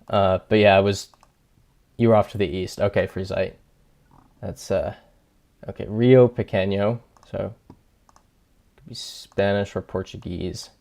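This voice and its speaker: A man streams a game and thinks aloud, reading out his viewers' comments and joking about himself. His voice sits low and he talks slowly. Keyboard clicks and typing can be heard behind him. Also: a little mellow. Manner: thinking aloud, chatty and self-deprecating, reading chat. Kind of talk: casual livestream commentary.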